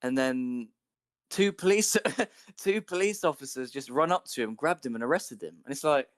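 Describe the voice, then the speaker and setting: A man's voice: mid-range voice, lively intonation, normal speed, no echo, clean studio sound. A man ranting in a casual chat, swearing freely.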